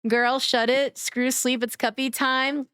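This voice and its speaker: A woman streamer chatting casually with her live chat, greeting viewers by name in an affectionate way, her voice a little raspy. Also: sits high, little pitch movement, slow, pushed and bright, no echo, studio quality. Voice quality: somewhat raspy today.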